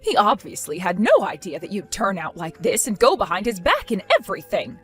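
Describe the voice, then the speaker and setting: A woman's voice: mid-range voice, big pitch swings, a little fast, a bit bright, faint music behind. A woman voicing a harsh, accusing middle-aged mother-in-law in a text-story drama, cutting and contemptuous. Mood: scolding.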